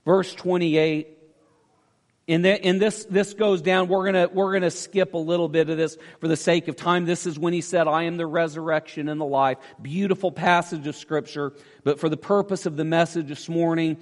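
A male pastor preaching a sermon, swinging between loud emphatic declarations and soft, intimate pleading. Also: fairly high pitch, steady tone, moderate pace. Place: church sanctuary. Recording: long reverb of a large hall.

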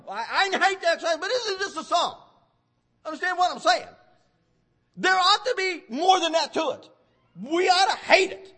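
A preacher man delivers a fervent sermon and hits certain words with sudden loud force. His voice sits very high with a bright edge, and his pitch swoops widely from phrase to phrase.

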